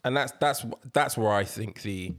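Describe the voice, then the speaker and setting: A man co-hosting a podcast, talking politics in a measured way and steering the topic. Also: fairly low pitch, a bit bright. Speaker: podcast co-host. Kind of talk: casual political chat.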